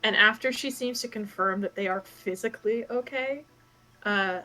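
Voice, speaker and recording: A woman narrating as game master of a tabletop game, with frequent fillers and pauses. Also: mid-range voice, pushed and bright, rough recording. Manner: hesitant, many fillers.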